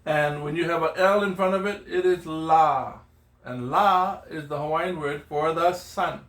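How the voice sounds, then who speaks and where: Middle-aged male teacher, slow and patient, slightly high voice, echoey classroom sound. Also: a bit bright. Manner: patient, repeats words and prompts with "okay?" and "yeah?". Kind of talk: teaching Hawaiian pronunciation to children. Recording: echoey room.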